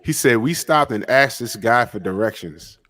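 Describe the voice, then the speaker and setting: A man's voice: medium pitch, expressive, moderate pace, a bit bright. A man co-hosting a boxing live chat, swearing freely and laughing as he tells anecdotes. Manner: profane storyteller, laughs often. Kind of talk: casual chat, telling anecdotes.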